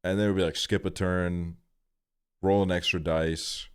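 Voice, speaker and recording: Deep-voiced laid-back rambling young man. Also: flat delivery, normal speed, clean tone. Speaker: streamer. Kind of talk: casual storytelling on stream.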